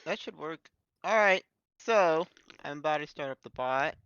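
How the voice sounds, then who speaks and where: A man with a bright, crisp, fairly high voice, chatting and muttering to himself while he fiddles with stream software. The recording is dry and slightly muffled. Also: animated, moderate pace. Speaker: tabletop game player setting up a stream bot. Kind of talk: casual banter among friends.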